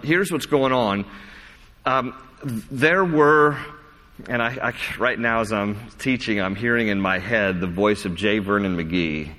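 A male pastor giving a sermon. He reads scripture with emphatic, rising delivery that slows on key words, then drops into casual asides. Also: lowish voice, a bit bright. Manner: breaks into casual asides with fillers and restarts. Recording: echoey hall.

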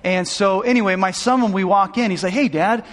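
A man's voice: sits high, brisk. A man preaching as a pastor, telling a personal story with emotion, restarting phrases as his intensity builds. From Southern California. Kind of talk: sermon storytelling. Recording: long hall reverb.

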